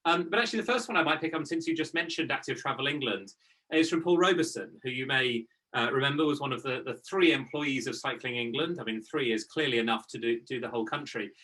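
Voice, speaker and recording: A man's voice: mid-range voice, fast, bright, forceful tone, rough recording. A man hosting a conversation who reads out audience questions, hesitating with many fillers. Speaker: interviewer reading audience questions. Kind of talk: hosted Q&A.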